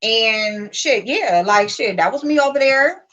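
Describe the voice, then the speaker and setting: A woman hosting a livestream, telling a story in blunt, profane, animated casual talk. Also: a little high, measured pace. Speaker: livestream host. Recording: muffled lo-fi stream audio.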